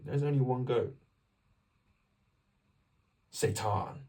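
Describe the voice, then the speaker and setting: Young English man, husky, rambling faith vlog. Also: medium pitch, normal speed, far from the mic. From England. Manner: rambling, animated, self-interrupting. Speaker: vlogger. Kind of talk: casual faith talk to camera.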